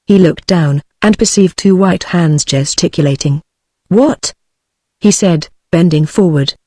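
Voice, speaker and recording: A text-to-speech voice reading a novel aloud as an audiobook narrator, with an even synthetic delivery. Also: mid-range voice, moderate pace, dry recording. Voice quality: synthetic, evenly paced machine voice.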